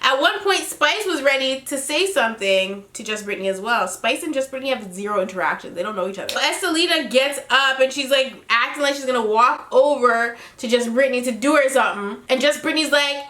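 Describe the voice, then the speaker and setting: A woman giving a casual, profane recap of a reality TV episode, animated and often laughing as she quotes the cast. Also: sits high, brisk, few pauses, echoey room.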